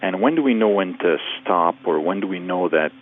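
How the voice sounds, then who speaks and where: A man from Canada calls into a radio show and asks his question in a halting way, restarting often. His voice is very deep and comes through a tinny, narrow phone line. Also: animated. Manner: hesitant, halting, many restarts. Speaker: caller.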